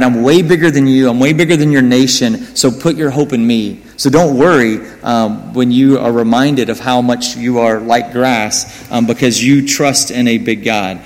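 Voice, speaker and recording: An American man preaching a sermon, conversational and self-mocking, with asides to the congregation. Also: mid-range voice. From United States. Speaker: pastor. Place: church hall. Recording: long hall reverb.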